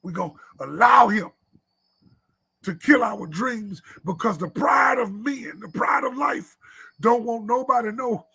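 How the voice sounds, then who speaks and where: A man preaching a sermon to a men's meeting at church, repeating his points and sometimes shouting. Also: very high voice, a little slow, creaky, husky. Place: church live stream.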